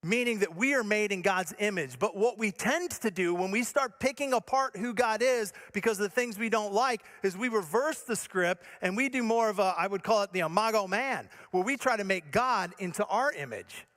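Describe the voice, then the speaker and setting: A man from Michigan preaching to his congregation in a high, bright-edged voice. He drives his points with earnest emphasis, then drops to a soft, low, near-intimate tone to let a line land. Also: animated, moderate pace, few pauses. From Michigan, USA. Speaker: pastor. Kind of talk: sermon.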